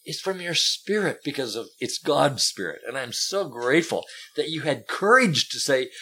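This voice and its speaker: A man's voice: mid-range voice, very animated, moderate pace, few pauses, bright, forceful tone, slightly rough, rough recording. A man interviewing a guest about his faith, encouraging and affirming as he responds. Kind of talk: Christian interview conversation.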